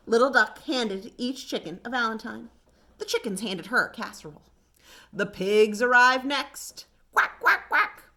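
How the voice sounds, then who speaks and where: At storytime, a female children's librarian reads a picture book to children. She speaks with a high, gentle voice, taking her time and reading expressively.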